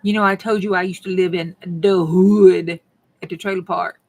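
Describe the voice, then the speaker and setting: A woman's voice: on the low side, fairly even intonation, normal speed, a little mellow. A middle-aged woman, chatting to her viewers in a folksy way while she works on a craft project. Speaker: craft vlogger. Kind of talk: casual chat while crafting.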